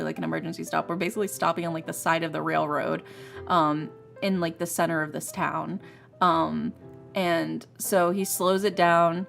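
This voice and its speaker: A young woman streamer chatting casually, telling a rambling, animated story with frequent restarts and laughs. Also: lowish voice, vocal fry. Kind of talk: casual storytelling while playing a game.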